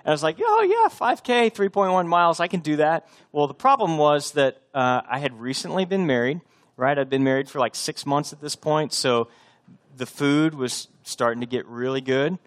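A man's voice: on the high side, moderate pace. A man from Texas preaching a sermon in an earnest, conversational way, with restarts and direct challenges to the congregation. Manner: earnest, conversational preaching with bursts of coach-like shouting. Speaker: pastor.

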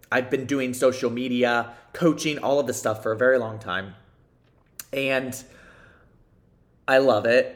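A man's voice: mid-range voice, fairly bright tone. Earnest upbeat male podcast host. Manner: upbeat, earnest, repeats phrases for emphasis; swears casually. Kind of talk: motivational solo podcast monologue.

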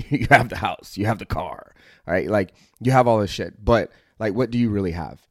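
A man's voice: on the low side, moderate pace, dry recording, clean studio sound. A middle-aged American man hosting a podcast, delivering a blunt, aggressive motivational monologue full of profanity. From United States. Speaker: podcast host.

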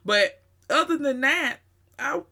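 A woman's voice: high voice, animated, slow, gravelly, sharp tone. A woman with a Southern US accent telling a personal story in a conversational way, with emphatic asides. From Southern United States.

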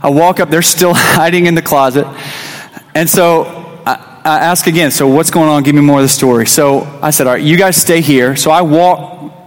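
A man's voice: a little high, normal speed, big-room sound. A man in his thirties, a youth pastor, giving a conversational sermon with a personal story, restarting phrases and acting out quotes. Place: church sanctuary.

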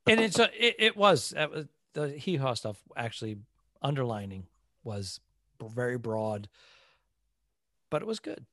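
A man's voice: mid-range voice, lively intonation, normal speed, pauses often, sharp tone, dry recording, clean studio sound. A man co-hosting a casual comedy podcast with wry, joking banter. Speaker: podcast co-host.

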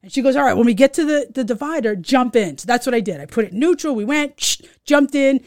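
Animated storyteller woman. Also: high voice, quick pace, no room sound, studio quality. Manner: animated, swearing, acts out voices. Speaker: podcast co-host. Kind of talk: casual storytelling chat.

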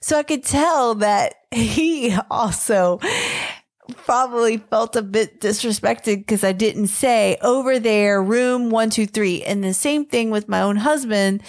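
A woman co-hosting a Christian marriage podcast, telling a story in a casual, animated way and acting out quoted lines. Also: on the high side, slow, no room sound, clean studio sound. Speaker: podcast co-host.

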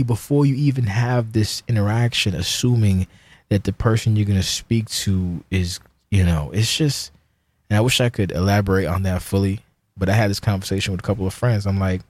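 A man's voice: sits low, fairly quick, a little mellow, no room sound. A man hosting his own podcast, ranting alone in a heated, profane, rambling way. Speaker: podcast host. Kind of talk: casual solo rant.

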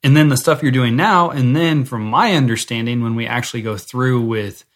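Soft-spoken supportive man. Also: medium pitch, normal speed. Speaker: podcast guest, host's partner. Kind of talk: casual chat.

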